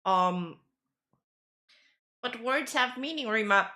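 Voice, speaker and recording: A woman streamer giving casual reaction commentary, chatty, self-deprecating and quick to defend herself. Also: fairly high pitch, animated, pushed and bright.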